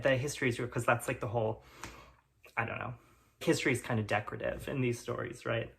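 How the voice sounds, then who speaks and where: A man playing an awkward teenage boy who reads his melodramatic fan fiction aloud in a deadpan, hesitant way, with mumbled asides. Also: medium pitch, vocal fry. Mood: sheepish. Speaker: comedy performer. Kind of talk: deadpan comic reading of melodramatic prose.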